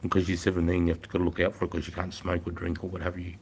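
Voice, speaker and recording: A man's voice: deep voice, completely flat delivery, racing, slight background noise. A man, chatting casually to viewers in a blunt, profane storytelling manner. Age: 50s. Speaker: livestreamer and former army instructor.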